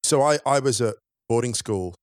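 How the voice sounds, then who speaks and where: A man's voice: medium pitch, normal speed, dry recording, studio quality. A man chatting on a podcast, telling his own story in a candid, emphatic way. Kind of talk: casual chat.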